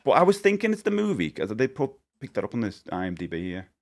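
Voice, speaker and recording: A man streaming live, talking casually to his viewers. His voice sits at a middling pitch but swings up and down a lot as he talks. He rambles, catches and corrects his own slips, and laughs easily. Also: huge pitch swings, fast. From United Kingdom. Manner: rambling, chatty, self-correcting, laughs often.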